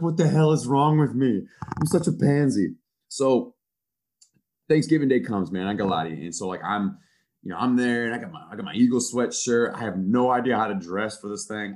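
A man in his thirties, a football coach on a podcast, telling stories in a profane, self-mocking, animated way. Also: lowish voice, fairly quick. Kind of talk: casual storytelling chat.

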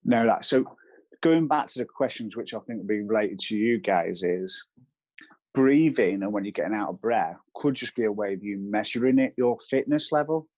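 Trainer guy, lowish voice, walks you through the rules plainly. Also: normal speed, a little mellow, muffled recording. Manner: explains step by step with practical rules. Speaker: fitness trainer guest. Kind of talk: casual podcast chat.

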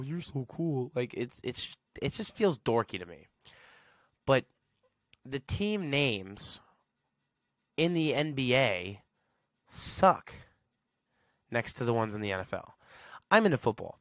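In a dry, studio-quality recording, a man with a slightly bright mid-range voice runs his podcast alone, going off on sarcastic tangents and laughing at his own humor.

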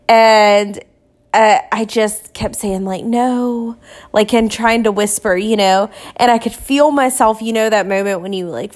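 A woman telling a painful personal story in a candid, confessional way, with many fillers and restarts. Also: mid-range voice. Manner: acts out short quoted exchanges in her telling. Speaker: podcast storyteller.

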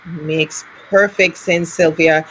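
A woman's voice: deep voice, steady tone, slow, a bit bright, a little hiss or hum, poor audio. A woman hosting an interview, a conflict analyst and trainer who responds in an affirming, attentive way. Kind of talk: conversational interview.

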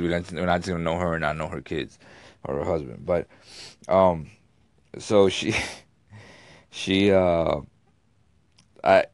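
Low-voiced man rambling a story. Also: no room sound. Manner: rambling, restarts often, curses freely, laughs at himself. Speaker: YouTube vlogger. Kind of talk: casual storytelling monologue.

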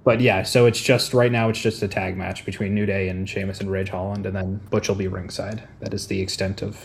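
A man's voice: deep voice, flat delivery, fairly quick, gravelly. A young man co-hosting a wrestling podcast, talking casually with many fillers and restarts. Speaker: podcast co-host. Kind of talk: casual chat.

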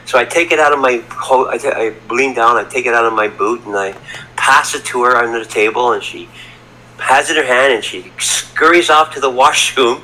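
A man's voice: mid-range voice, a little fast, sharp tone, low-quality recording. A middle-aged man telling a story as a podcast guest, rambling and repeating words, from Canada. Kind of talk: casual storytelling. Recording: faint background ambience.

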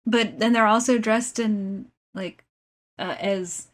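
A woman in a relaxed podcast chat about a film. She agrees easily, laughs often and pauses to search for words. Her voice sits at an ordinary middle pitch. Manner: agreeable, giggly, hesitant. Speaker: podcast co-host. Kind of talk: casual movie review chat.

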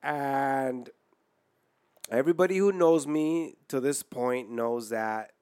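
A man's voice: mid-range voice, slow pace, darkish tone, smooth. A man hosting a podcast, telling a crude story in casual chat, swearing often and laughing as he goes. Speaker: podcast host.

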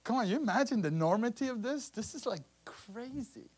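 A man preaching a sermon, telling a scripture story with animated bursts and acted-out voices. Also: extremely high pitch, brisk, slightly rough.

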